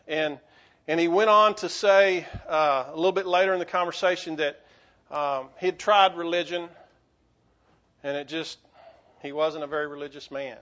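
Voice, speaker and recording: A man preaching a sermon as a pastor, earnest, with frequent stammered restarts, rising to urgency and dropping to quiet, halting lows. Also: dull audio.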